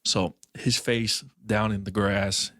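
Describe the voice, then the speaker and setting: A man's voice: fairly low pitch, level tone, takes it slowly, a bit bright, no room sound, clean studio sound. A young man hosting a podcast, telling a loose anecdote full of fillers and acting out the people he quotes. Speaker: podcast host.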